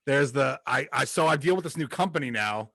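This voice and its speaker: A man's voice: medium pitch, expressive, fairly quick, sharp tone, no room sound, studio quality. A man hosting a podcast, chatting in a laid-back, agreeable way and swearing casually. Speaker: podcast host. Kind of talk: casual interview chat.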